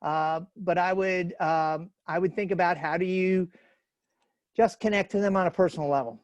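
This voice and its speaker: A man's voice: sits high, fairly even intonation, normal speed, no echo, muffled recording. A man from the New York area who talks in a chatty, folksy way, with fillers, while giving a webinar over a video call. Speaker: webinar speaker. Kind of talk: casual webinar talk.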